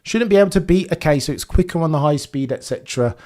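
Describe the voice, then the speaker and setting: A young man doing live reaction commentary for his stream chat, swinging between excited shouts and low, disbelieving muttering. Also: quick pace. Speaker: livestream watchalong commentator.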